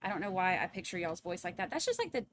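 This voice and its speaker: A woman's voice: on the low side, very animated, fast talker. A woman hosting a livestream, chatting casually and rambling as she signs off to her viewers. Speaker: livestream trial commentator. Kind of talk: casual livestream sign-off chat.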